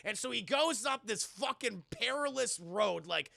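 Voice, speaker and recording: Streamer man, jokey film recap, bright gravelly voice, dry sound. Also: very high-pitched, lively intonation, a little slow, no room sound. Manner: rambling, profane and jokey. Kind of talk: casual spoiler recap to a live chat.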